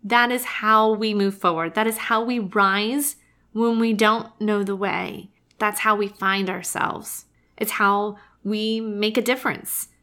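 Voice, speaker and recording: A woman's voice: on the high side, sharp tone. A woman, a cancer survivor, giving a heartfelt, emphatic casual monologue and often saying "y'all" and "oh my gosh.".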